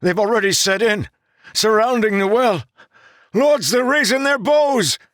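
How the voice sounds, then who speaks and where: A man's voice: high-pitched, a little slow, fairly bright tone, dry recording, clean studio sound, voice pushed up. A man voicing a panicked male lookout on a bridge crew who screams warnings in horror. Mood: horrified yelling.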